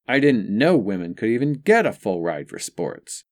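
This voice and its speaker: A man's voice: on the low side, big pitch swings, moderate pace, no echo, clean studio sound. An audiobook narrator, a man, voicing an earnest young woman student in a story, asking eager questions.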